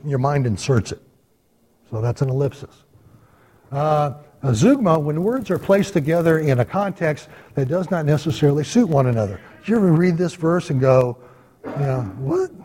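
A man teaching a church Bible study class in a conversational lecture style, pausing often on "uh" and checking in with his listeners. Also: fairly high pitch, dark tone, husky. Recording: long hall reverb.

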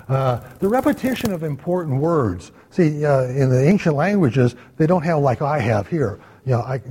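Husky-voiced man teaching in a reverberant hall. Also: medium pitch, mellow. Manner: conversational, checks in with "okay?". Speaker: Bible study teacher. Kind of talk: church Bible study lecture.

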